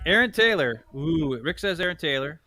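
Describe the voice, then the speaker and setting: A man co-hosting a casual sports talk show, excitable and arguing hard for his picks. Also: on the high side, normal speed. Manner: excitable, argues his picks, swears a little.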